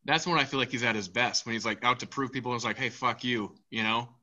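Bright, energetic male podcast host. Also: mid-range voice, fast talker, highs cut off. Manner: energetic, swears freely, moderates the panel. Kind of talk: casual sports podcast banter.

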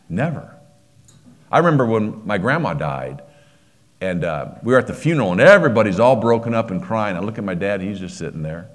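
Deep-voiced preacher man telling a story. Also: animated, a little fast. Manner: personal, emotional storytelling with frequent restarts. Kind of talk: sermon storytelling.

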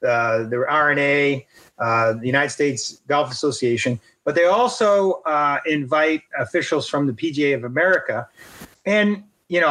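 A middle-aged man with a somewhat high-pitched voice recounts a story from his work as a golf rules official. He talks in a chatty, self-deprecating way, with plenty of fillers and restarts. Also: a bit bright, rough recording. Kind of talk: storytelling in an interview.

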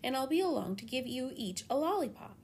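A woman voicing a polite, clever young man who speaks brightly and courteously. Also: high voice, big pitch swings, fairly quick, vocal fry, slight background noise, voice pushed up, exaggerated voice. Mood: brisk.

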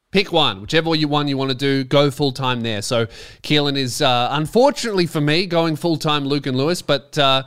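A man's voice: medium pitch, fairly bright tone, smooth. An Australian man hosting a podcast, rambling through a casual comedic monologue with sardonic, self-mocking jokes. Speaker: podcast host.

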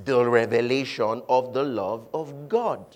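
A man preaching a sermon, shouting one moment and dropping low the next, leading his congregation to repeat phrases. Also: measured pace, slight background noise. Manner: preaching with swings from shouting to quiet, leading call-and-response. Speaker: pastor.

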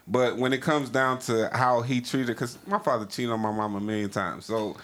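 A man's voice: mid-range voice, steady tone, normal speed, a bit bright. Podcast host, man, AAVE slang, candid, rambling, casual chat.

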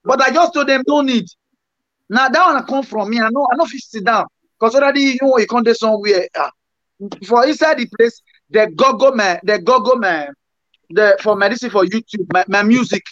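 A man's voice: extremely high pitch, brisk, a bit bright, no room sound. Guest musician, male, Nigerian Pidgin accent, rambling storyteller, very dry close sound. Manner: rambling, repeats words while searching. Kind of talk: casual storytelling. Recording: dull lo-fi sound.

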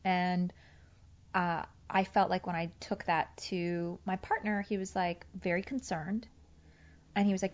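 A woman's voice: fairly low pitch, steady tone, unhurried, lo-fi sound. A woman candidly recounting a fight with her partner, acting out both sides of the conversations. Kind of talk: candid personal storytelling.

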